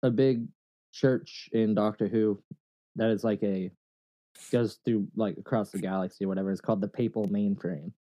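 A man with a low, mellow voice recorded dry and close. He co-hosts a casual podcast and trades laid-back, crude jokes and offhand questions. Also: fairly even intonation, moderate pace, no echo. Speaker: podcast co-host. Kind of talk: casual chat.

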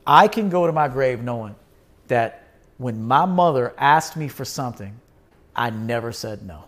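A man's voice: mid-range voice, expressive, unhurried, a bit bright. A man hosting his own show, talking in a blunt, emphatic monologue, swearing and repeating himself for force. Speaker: podcast host. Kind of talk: casual livestream monologue.

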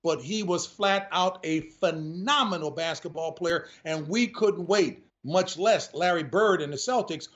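A man telling lively stories as a guest in a radio interview, often addressing the host. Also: a little high, measured pace, hardly any pauses, highs cut off. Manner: lively storyteller who keeps addressing the host. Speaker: sportscaster and guest.

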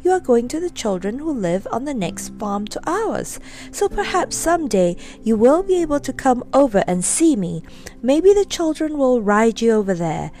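A woman voicing a gentle, wise mother pony in a storybook reading, speaking in a soothing, motherly way. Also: a little high, sing-song, normal speed, voice pushed up.

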